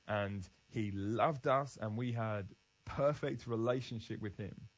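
A man's voice: mid-range voice, takes it slowly, low-quality recording. A man giving an earnest, emphatic devotional Bible talk, restarting phrases as he goes. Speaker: Christian speaker.

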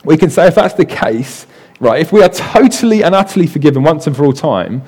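A man's voice: fairly high pitch, expressive, a little fast, darkish tone, husky. A man preaching a sermon in a conversational way, often adding "right" and repeating words as he explains.

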